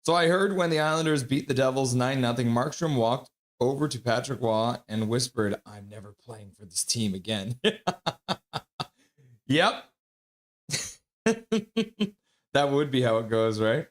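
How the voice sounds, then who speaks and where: This middle-aged man hosts a hockey livestream, reading chat and greeting viewers by name in a casual pregame chat. His mid-range voice has lively intonation, and he speaks a little slowly with frequent pauses.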